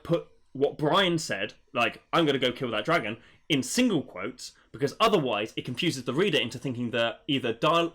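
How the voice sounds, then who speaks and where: A man doing a casual livestream book review, rambling with many fillers and quick laughs. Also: medium pitch, fairly bright tone.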